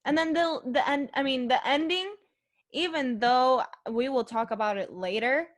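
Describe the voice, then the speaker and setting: High-pitched young host, rambling movie chat, lots of likes and ums. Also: female voice, moderate pace. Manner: rambling, filler-heavy, emotional. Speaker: podcast host. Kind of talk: casual movie review chat.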